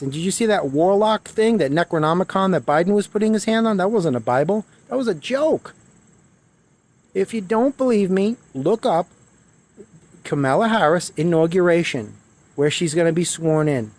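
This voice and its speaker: A man delivering an urgent, emphatic monologue to viewers, often repeating phrases for emphasis. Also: fairly high pitch. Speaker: spiritual video creator. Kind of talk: preachy monologue to camera.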